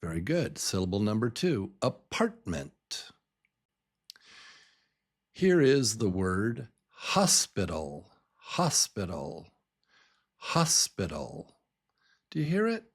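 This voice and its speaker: An older man teaching English pronunciation to beginners, repeating each word many times and stretching his pitch up and down to show the stressed syllable. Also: very animated, a little slow, hardly any pauses. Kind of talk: slow, deliberate pronunciation lesson.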